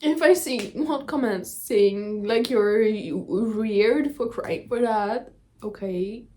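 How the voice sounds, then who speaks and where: Young woman chatting in a halting, apologetic way. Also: a little high, warm tone, slight background noise. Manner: halting, searching for words, apologetic. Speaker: reaction video host. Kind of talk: emotional reaction vlog chat.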